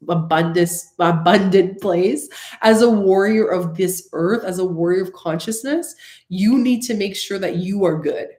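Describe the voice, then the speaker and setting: A woman's voice: on the low side, a little mellow, echoey room. A woman spiritual coach talking earnestly and directly to her viewers, often repeating herself for emphasis. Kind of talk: casual spiritual talk to viewers.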